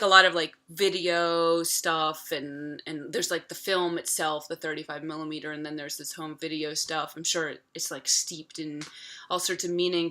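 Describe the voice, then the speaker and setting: A woman's voice: lowish voice, bright, forceful tone. A woman in her thirties casually retelling a film from memory, chatty and profane, full of filler words. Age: 30s. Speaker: vlogger.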